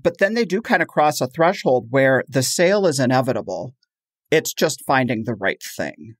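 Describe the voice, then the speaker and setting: A man co-hosting a podcast in casual chat, chatty and animated when quoting others. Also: medium pitch, moderate pace, no room sound, studio quality. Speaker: podcast co-host.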